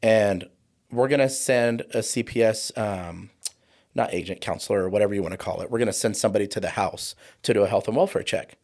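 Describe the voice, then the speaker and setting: Speaking fairly quickly in a fairly low, slightly mellow voice, a man in his forties guests on an interview show. The trauma coach shares a personal story vividly and acts out other people's lines.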